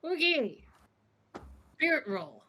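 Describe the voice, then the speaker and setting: A woman's voice: sits high, sing-song, slow, pushed and bright. Hesitant woman role-playing as a player. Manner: hesitant, stammering. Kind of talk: in-character tabletop role-play.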